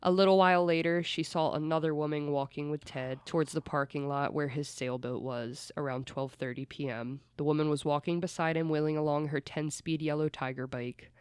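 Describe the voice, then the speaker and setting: Podcast host, mid-pitched, chatty true-crime storyteller who swears freely; dry, close recording. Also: steady tone, brisk, few pauses, clean tone, dry recording.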